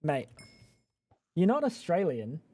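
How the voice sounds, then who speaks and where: A man's voice: on the high side, huge pitch swings, slow pace, dark tone. A young man streaming live, chatting casually with teasing, swearing banter and rambling thoughts that trail off. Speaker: livestreamer. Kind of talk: casual livestream chat.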